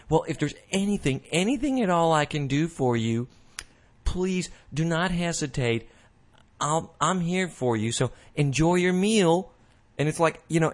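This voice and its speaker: A man in the middle of his own show, rambling through a casual monologue with restarts and mocking put-on voices. His pitch is ordinary for a man, not especially high or low. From United States. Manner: rambling, many restarts and fillers, mock voices. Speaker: podcast host.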